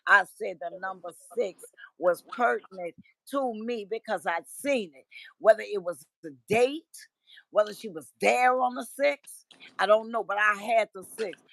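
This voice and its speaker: A woman doing a mocking impression of a petty, aggrieved man who complains in a high, loud, drawn-out voice. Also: creaky, no room sound. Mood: aggrieved whining. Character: whiny indignant grown man, petty and aggrieved.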